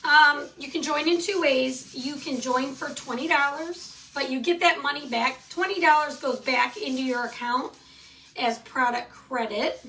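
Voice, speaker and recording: Chatty high-voiced woman hosting a craft stream. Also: unhurried, bright, forceful tone, far from the mic, a little hiss or hum. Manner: chatty, answers viewer comments. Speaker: craft tutorial host selling supplies. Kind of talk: live craft tutorial.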